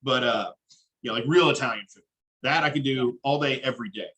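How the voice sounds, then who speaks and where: A man hosts a podcast interview with a crisp, bright voice in an easygoing style. He rambles casually between questions and swears offhandedly now and then. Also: mid-range voice, a little fast, poor audio. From Dallas, Texas. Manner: laid-back, chatty, casual swearing. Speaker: podcast host.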